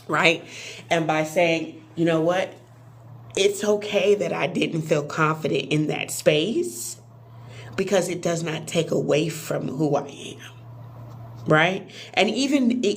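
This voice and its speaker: A woman who gives spiritual readings, teaching on a phone live stream in an earnest way, often checking in with "right?" and restarting her words. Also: lowish voice. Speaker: spiritual reader and Reiki healer.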